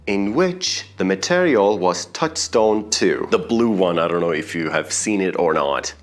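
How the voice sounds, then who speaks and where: A young man whose first language is Persian, an English teacher earnestly telling students how he learned the language. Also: on the low side. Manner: earnest, explanatory, addresses viewers directly.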